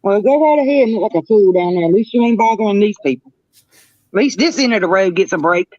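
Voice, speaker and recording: A woman's voice: medium pitch, lively intonation, fast talker, a little mellow, no echo. A woman co-hosting a live stream in casual, profane chat, blunt and mocking. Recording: dry lo-fi stream audio.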